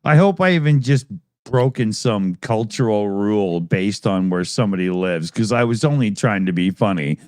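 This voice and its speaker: Man in his fifties, casual stream chat, lively up-and-down voice, swears and laughs, dry close sound. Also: on the low side, moderate pace, few pauses, no room sound. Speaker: co-host of a live stream.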